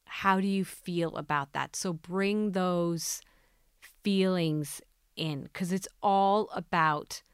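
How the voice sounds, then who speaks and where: A woman's voice: fairly low pitch, steady tone, slow pace, clear, resonant tone, dry recording, studio quality. Earnest woman coaching listeners. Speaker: podcast host. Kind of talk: motivational podcast talk.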